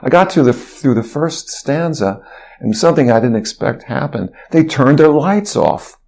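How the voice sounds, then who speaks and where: A man of middle pitch tells a long story as a guest in an interview. He rambles a bit, with fillers and restarts, and describes events as he goes. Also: animated, moderate pace, creaky, darkish tone. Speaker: guest, physician.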